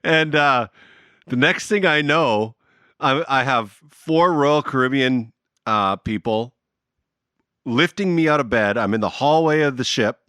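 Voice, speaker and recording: A man's voice: mid-range voice, measured pace, clean tone, no echo, studio quality. A middle-aged man, a band musician guesting on a podcast, telling a long story in casual conversation, swearing freely and laughing along. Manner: animated, profane, laughs through his own story.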